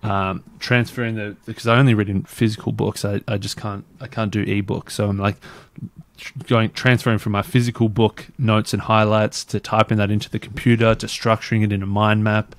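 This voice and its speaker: A man's voice: lowish voice, level tone, fairly quick. A man guest on a podcast, talking casually and rambling with lots of fillers and restarts. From Australia. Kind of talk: casual interview chat.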